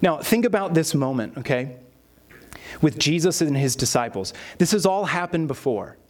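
A male pastor, delivering a sermon. His voice sits a little higher than most men's. He tells stories and acts out the quotes along the way. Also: expressive, normal speed, a little mellow. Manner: storytelling with acted-out quotes.

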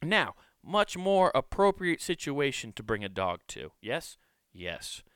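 A man's voice: medium pitch, sing-song, unhurried, a bit bright, no echo, studio quality. A man doing a rambling, sarcastic comedic rant as a commentator, swearing freely.

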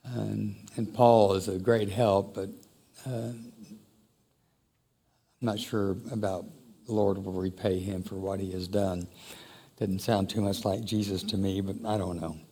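A man's voice: low voice, level tone, unhurried, long pauses, dark tone, husky. A man preaching a sermon in a conversational, reflective way that builds to emphatic exhortation. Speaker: pastor.

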